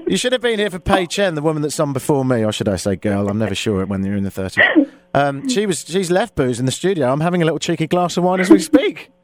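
A man's voice: fairly high pitch, big pitch swings, fast talker, a little mellow, dry recording. A man hosting a comedic radio show, talking in a sarcastic, theatrical way. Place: Toronto, Canada.

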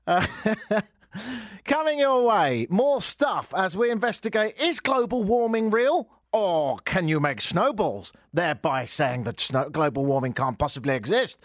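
A middle-aged radio host in casual talk, dry and self-mocking, with a rambling delivery. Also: male voice, sits high, animated, a little slow, no room sound. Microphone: studio mic.

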